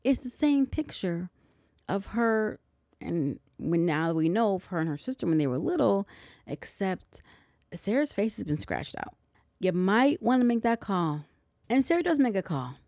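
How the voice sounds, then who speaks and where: A woman's voice: mid-range voice, very animated, unhurried, a little mellow, no room sound, clean studio sound. A woman hosting a podcast, recapping a movie in a chatty way with sarcastic asides. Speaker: podcast host.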